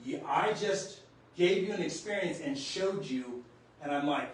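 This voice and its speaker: A man's voice: a little high, expressive, moderate pace, slight background noise. A man in his sixties from North Dakota telling a personal spiritual story as a podcast host, earnest and emotional, gasping in awe at times. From North Dakota, USA. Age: 60s. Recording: echoey room, voice distant from the mic.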